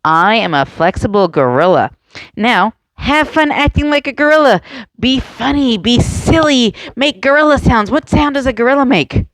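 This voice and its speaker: A woman's voice: fairly high pitch, animated, moderate pace, no room sound. A woman leading a yoga lesson for children and their adults, encouraging, playful and full of questions to the kids. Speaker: kids' yoga instructor.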